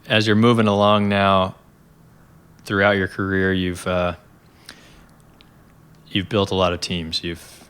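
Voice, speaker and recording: A man's voice: deep voice, fairly bright tone, smooth. A male podcast host interviewing a guest, often affirming and winding through long questions with restarts. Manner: encouraging, frequent affirmations, rambling question setups. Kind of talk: casual interview conversation.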